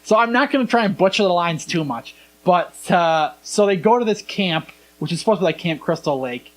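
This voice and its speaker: Animated young man, high voice. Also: a little fast. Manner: animated storyteller, acts out quoted lines. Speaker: podcast host. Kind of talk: casual chat.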